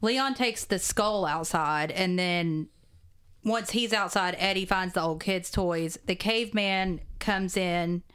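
A woman's voice: lowish voice, takes it slowly, fairly bright tone, clean tone. Dry, dismissive woman recapping a movie. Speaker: podcast co-host. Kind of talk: casual movie recap chat.

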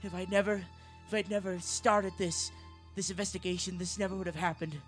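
A man's voice: high voice, steady tone, brisk, soft background music, voice pushed up, natural voice. A man voicing a desperate mother who pleads for her family in a raised, strained voice. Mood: pleading.

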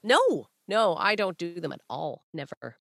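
Woman, podcast host, lively and jokey, lowish voice, dry recording. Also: a little slow, creaky, no room sound. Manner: animated, jokey storytelling with playful voices. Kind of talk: casual chat.

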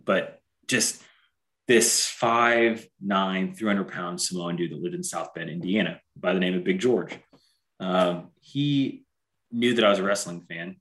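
Chatty deep-voiced man telling stories. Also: fairly bright tone. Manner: chatty storyteller, heavy on fillers like "like". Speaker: podcast co-host, wrestler. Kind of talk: casual chat.

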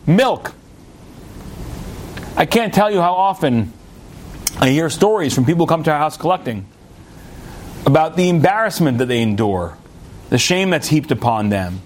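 A young American man giving a storytelling Torah talk, chatty and animated, with restarts and asides. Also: a little high, normal speed, pauses often, slight background noise. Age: young adult. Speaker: rabbi.

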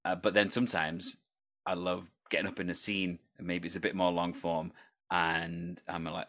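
A man's voice: sits low, flat delivery, moderate pace, a bit bright. A man hosting a casual interview, upbeat and jokey as he steers the talk with questions.

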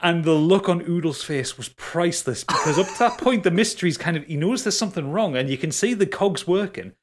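British bloke with a slightly high voice, excited podcast chat. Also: male voice, a little fast. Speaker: podcast co-host. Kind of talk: casual chat.

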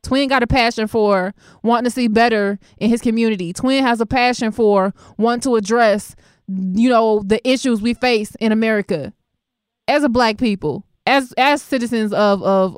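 A young woman hosts a talk radio show and reads the news in a loose, laughing, conversational way. Her voice is smooth and clear. The studio sound is dry and close. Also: a little high, no echo. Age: young adult. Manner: laughing, chatty, affectionate and conversational.

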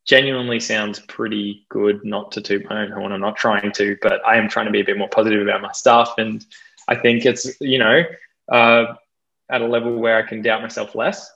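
A man's voice: on the low side, vocal fry, a bit bright. Young Australian man, casual interview talk, laughs a lot, self-deprecating, slightly lo-fi recording. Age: young adult. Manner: chatty, self-deprecating, laughs often, many fillers. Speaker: guest DJ and producer.

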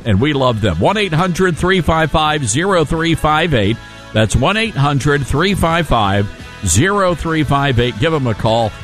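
A man with a Southern accent chats with callers on his talk radio show in a folksy, chatty way, laughing often. His voice is on the high side and a bit bright, picked up by a studio mic in a radio studio.

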